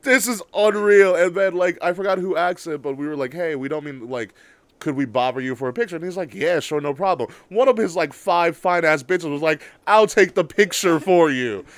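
A young man chatting casually as a podcast co-host, telling an excited story with lots of swearing and bursts of loud laughter. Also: on the high side, brisk. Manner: excitable storyteller, swears a lot, shouts when worked up. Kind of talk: casual chat.

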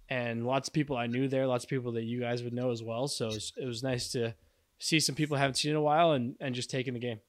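A man co-hosting a podcast, talking casually and rambling with fillers and restarts. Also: medium pitch. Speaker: podcast co-host. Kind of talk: casual chat.

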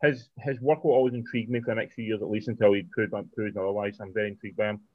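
Fast-talking man on a tinny line. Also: lowish voice, flat delivery, no echo. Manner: quick, opinionated, steers the talk. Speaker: podcast co-host. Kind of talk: casual film review chat. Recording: tinny phone-like line, dry.

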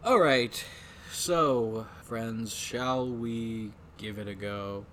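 A man hosting a casual movie podcast, talking in an animated way, swearing often and acting out voices. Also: mid-range voice, drawn-out words, a little hiss or hum. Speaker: podcast host.

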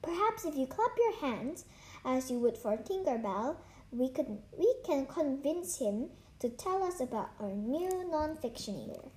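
A woman's voice: sits high, big pitch swings, measured pace, darkish tone. A woman voicing an eccentric showman librarian. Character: eccentric, showy male library owner.

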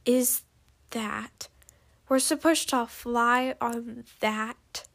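A woman reading aloud as a nervous young female dragon, stammering and homesick, in an amateur storybook reading. The voice sits a touch higher than usual for a woman. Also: steady tone, very slow, gravelly, fairly bright tone, exaggerated voice. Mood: worried. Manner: hesitant, stammering.

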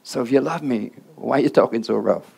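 A man preaching a sermon in plain colloquial speech. He keeps asking the listener questions, often prodding with "huh?", and swings between hushed and loud passages. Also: medium pitch, fairly quick, vocal fry, slightly rough. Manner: rhetorical questions with repeated "huh?"; informal colloquial grammar.

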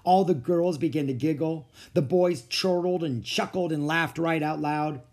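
A man reading a children's novel aloud as a podcast storyteller, with expressive, animated narration. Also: a little high, a little slow.

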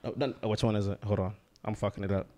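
A man's voice: on the low side, fairly even intonation, quick pace, dark tone, no echo. A young man hosting a podcast, chatting casually with friends in a joking, slangy way and laughing often. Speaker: podcast host. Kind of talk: casual banter among friends.

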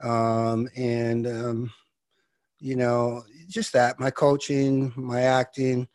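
A middle-aged man, an actor and coach, giving impassioned motivational talk as a guest, swinging from loud urging to hushed intensity. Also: medium pitch, monotone, extremely slow, dry recording, clean studio sound.

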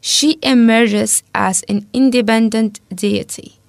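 A woman co-hosting a casual talk, reading researched notes aloud steadily and pausing over hard names. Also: on the high side, steady tone, gravelly, no room sound.

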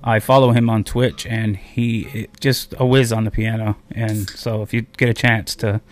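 A man's voice: lowish voice, level tone, moderate pace. A man hosting a small community radio show, from a reservation on the Canadian border, in a loose, rambling live interview. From Akwesasne, on the Canada-US border. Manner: rambling, loose, with many fillers.

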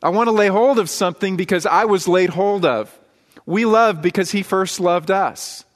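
Guy preaching in church, kinda high voice, chatty storytelling sermon, big echoey hall. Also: moderate pace. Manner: earnest, conversational preaching with anecdotes. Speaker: pastor. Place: church sanctuary. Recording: long hall reverb in a church.

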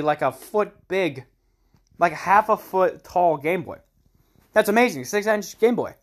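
A man hosting his own podcast in a casual solo monologue, rambling, swearing freely and snacking as he talks. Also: on the high side. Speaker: podcast host.

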